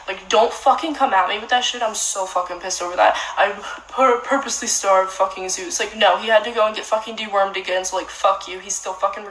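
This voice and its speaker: Young woman, heated profane vlog rant, mid pitch, roomy echo. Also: a bit bright. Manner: heated, profane, filler-heavy. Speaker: dog owner.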